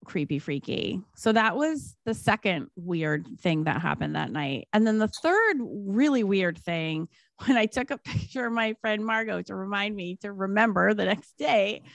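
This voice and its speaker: A woman telling a story on a podcast in a casual, animated way, with lots of filler words and quoted voices acted out. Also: creaky, no room sound. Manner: animated, acts out quoted voices high-pitched. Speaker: podcast guest.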